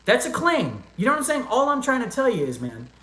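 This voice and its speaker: A man's voice: huge pitch swings, brisk, bright, forceful tone. Guy hosting a live q&a, earnest, keeps saying brother and man, kinda echoey room. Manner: earnest, talks straight to chatters, calls them brother and man; reads chat comments aloud in a low mumble. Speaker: livestream host answering chat. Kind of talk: casual live Q&A chat.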